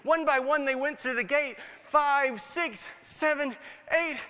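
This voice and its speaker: A man performing a dramatic first-person monologue as a grateful leper who was healed, earnest and swinging between hushed and exclaiming. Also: extremely high pitch, slow, exaggerated voice. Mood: excited. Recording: long hall reverb.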